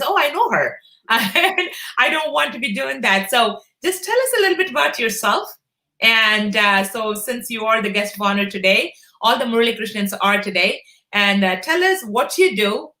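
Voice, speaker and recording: A middle-aged woman hosts a live stream in a bright, forceful voice pitched a little high. She greets viewers by name, pausing often on "uh". The sound is roomy and echoey. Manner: warm greetings with many "uh" fillers. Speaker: host of a live online broadcast. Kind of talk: casual live-stream hosting.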